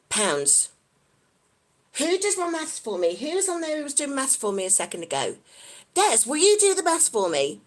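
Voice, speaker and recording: Woman vlogger from the UK, live chat, high and very animated, giggly and excitable. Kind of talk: casual live-stream chat.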